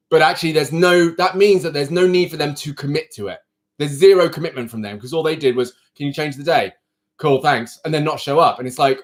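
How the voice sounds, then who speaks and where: A man who coaches people, hosting a live stream and frankly ranting straight to his viewers in casual chat. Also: fairly high pitch.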